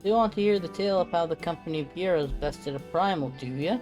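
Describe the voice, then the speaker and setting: A streamer lends their voice to a boastful retired mercenary from a fantasy game, gruff and full of folksy swagger. He taunts the listener and brags about old battles, with faint game music playing underneath. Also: medium pitch, fast talker, pitched above the performer's own voice, lightly acted.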